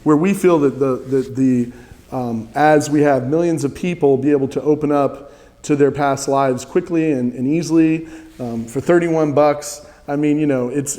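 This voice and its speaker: A man's voice: a little high, mellow, big-room sound. A man teaching a spiritual practice, earnest, leading listeners in repeated chants.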